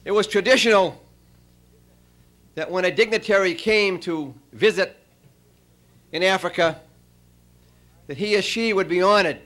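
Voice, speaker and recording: Guy with a high voice doing his farewell dinner speech, tells a long joke, lots of uhs. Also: fairly bright tone. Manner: storytelling, halting with many uh fillers. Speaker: honoree giving farewell speech.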